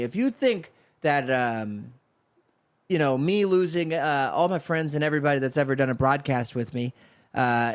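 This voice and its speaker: A man hosting a solo podcast, riffing loosely and acting out bits of dialogue in quick voices. His voice sits at an ordinary middle pitch. The sound is dry and close, with no room around it. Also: no echo. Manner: rambling, riffing with acted-out voices. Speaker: podcast host. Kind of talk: solo comedic monologue. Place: home studio.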